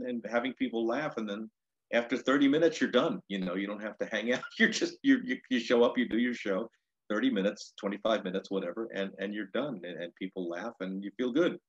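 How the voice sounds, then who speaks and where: A man's voice: medium pitch, brisk, breathy edge, lo-fi sound. A male stand-up comedian recounting his career in a rambling, casual way, full of restarts and 'you know'. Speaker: stand-up comedian, interview guest. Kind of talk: casual storytelling.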